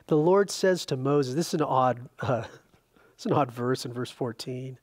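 A man pastor preaching a conversational Bible-study sermon, animated, with frequent restarts and filler words. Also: mid-range voice, unhurried. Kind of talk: expository sermon. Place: church sanctuary.

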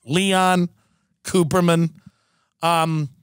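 Sarcastic, high-voiced male podcast host. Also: drawn-out words, smooth, dry recording, studio quality. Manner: sarcastic, profane, animated. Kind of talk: comedic rant.

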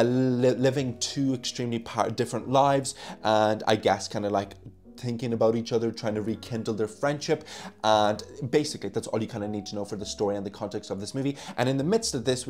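A man's voice: medium pitch, darkish tone. A man reviewing a horror film in a casual vlog, chatty and loose, often saying "like" and swearing offhand, recorded on a phone mic. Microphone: phone used as microphone.

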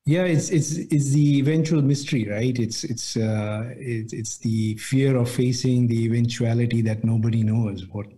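Male interview guest, mellow tone, measured and a bit hesitant. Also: mid-range voice, fairly even intonation. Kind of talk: conversational interview.

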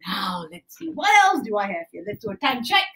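A young Malaysian woman teaches small children in a live-streamed class, exclaiming in a sing-song way. Her high voice is fairly quick, gravelly, and a bit bright, picked up by a phone or camera mic.

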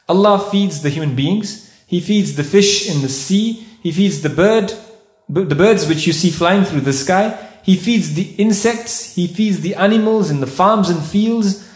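A man's voice: sits high, a little slow, a little mellow. A man giving a sermon in a mosque, explaining Arabic terms and repeating key points for emphasis. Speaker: mosque speaker. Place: mosque hall. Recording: echoey mosque hall.

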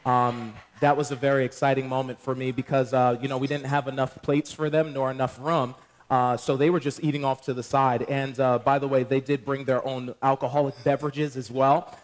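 A man's voice: medium pitch, slight background noise. Playful pastor, a man telling wedding stories. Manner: playful, joking, addresses the congregation. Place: church sanctuary.

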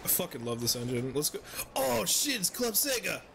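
A young man talks through a video game in a laid-back, swearing commentary style. His voice moves around lively in pitch. He chats easily and laughs often. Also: moderate pace, gravelly, a little hiss or hum. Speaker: streamer. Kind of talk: casual let's-play commentary.

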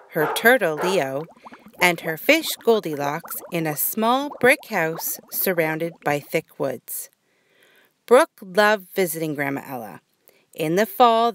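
Slow, expressive woman reading a storybook. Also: on the low side, no echo, studio quality. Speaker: Girl Guide leader, storyteller. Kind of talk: storybook read-aloud narration.

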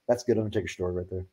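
Middle-aged male guest, lively storyteller who swears and laughs, streaming mic. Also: low voice. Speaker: wrestling guest. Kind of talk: casual storytelling.

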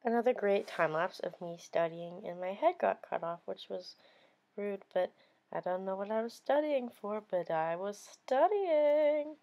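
A woman's voice: mid-range voice, animated, unhurried, mellow, lo-fi sound. A young woman in college chatting casually to her phone camera, rambling with lots of fillers. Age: young adult. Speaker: vlogger. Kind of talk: casual vlog chat. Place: college dorm and campus, in and out of doors. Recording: noisy phone recording.

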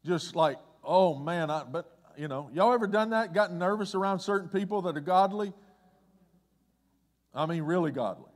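A man preaching a conversational sermon as pastor, swinging between loud excitement and hushed, low asides. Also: moderate pace. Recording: long hall reverb.

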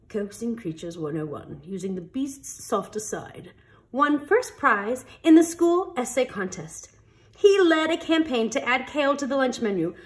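A woman reading a picture book aloud with an expressive storytelling delivery. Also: fairly high pitch. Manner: expressive, animated read-aloud.

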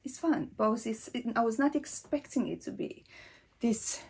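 Young woman, gravelly fry, husky tone, chatty perfume talk, slips into whispers. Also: on the high side, lively intonation, moderate pace, a little mellow. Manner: chatty, rambling, drops into breathy whispers. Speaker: perfume vlogger. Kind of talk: casual perfume review.

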